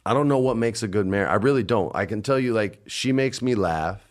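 A man in his forties chats in a relaxed, storytelling way. He leans on slang and swearing and keeps laughing as he talks. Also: on the low side, fairly quick. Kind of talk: casual storytelling chat.

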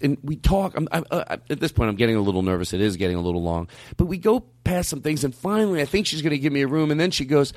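A man tells a story in casual podcast chat. He acts out his own frustration, and his voice jumps high and loud when he does. The sound is dry and close. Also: sing-song, fast, no echo. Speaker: podcast host, comedian.

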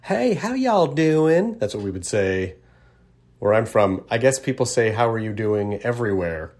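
A man's voice: lowish voice, moderate pace, darkish tone. A middle-aged man from Tennessee hosting a podcast in casual, rambling chat, self-deprecating and restarting his sentences. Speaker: podcast host.

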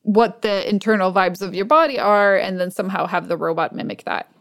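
A woman in her thirties, a guest in a casual interview, talking in a relaxed, rambling way with many "like" fillers. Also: medium pitch, brisk, no echo. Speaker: guest maker and video creator.

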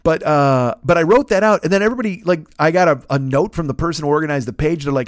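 A man's voice: on the high side, fast, hardly any pauses, no echo, studio quality. A man, a comedian hosting a podcast, ranting casually and profanely while acting out quotes.

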